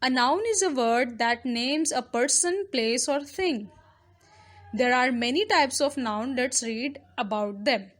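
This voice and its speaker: A woman's voice: high voice, takes it slowly. A young woman teaching a children's grammar lesson, explaining step by step and switching at times into Hindi-Urdu.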